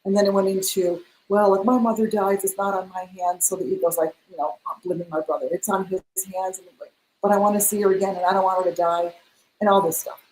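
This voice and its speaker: A middle-aged woman who works as a spiritual mentor tells a personal story in an interview, acting out the dialogue she quotes. Her voice is mid-range and her pace quick, and she is animated throughout. The audio quality is poor.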